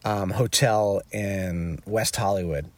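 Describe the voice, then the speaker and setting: A man, a touring musician, telling an anecdote in casual chat, animated and peppered with fillers. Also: takes it slowly, no echo. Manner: animated, jumps into high excited voices when quoting himself; peppers speech with "like" and "you know". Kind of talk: casual storytelling.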